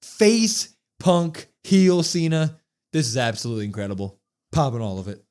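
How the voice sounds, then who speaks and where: A man co-hosting a podcast, recapping wrestling in a casual, excitable way and acting out quotes with emphasis. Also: medium pitch, moderate pace, smooth. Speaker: podcast co-host.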